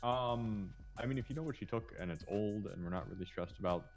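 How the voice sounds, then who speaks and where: A man with a very deep voice, chatting in character in a roleplay game. He talks casually and bluntly and swears now and then. Faint music sits under his voice. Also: fairly quick. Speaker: roleplay player.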